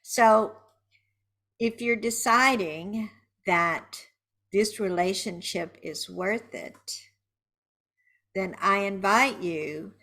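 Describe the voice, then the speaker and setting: A middle-aged woman coaching a guided tapping session, speaking slowly and soothingly, then voicing loud angry phrases for viewers to repeat. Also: medium pitch.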